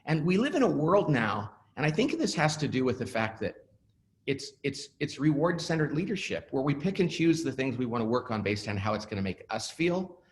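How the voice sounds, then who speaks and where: A middle-aged man talks through a webinar interview in a lively, up-and-down voice. He tells stories and acts out the lines of the people in them. His pitch sits in the middle for a man. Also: brisk. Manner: animated storyteller who acts out quoted dialogue. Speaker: author and guest speaker.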